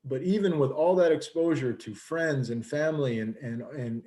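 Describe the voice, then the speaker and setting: A man's voice: mid-range voice, darkish tone. A man in his fifties, a coach giving a casual lecture over a video call, talking earnestly with many fillers and restarts.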